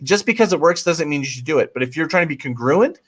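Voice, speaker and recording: A man with a fairly high voice speaks as an interview guest coaching on marketing. He is emphatic and almost pleading. He cuts himself off and restarts, and he drops the occasional swear word for force. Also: expressive, fast talker, a bit bright, breathy edge. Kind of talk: casual livestream interview.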